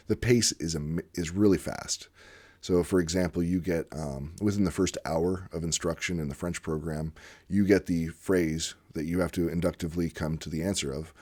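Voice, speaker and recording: Male host, very low voice, casual unscripted monologue, rambling and eager. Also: warm tone, breathy edge. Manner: rambling and enthusiastic, with frequent fillers. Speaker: channel host discussing language teaching; former literacy teacher.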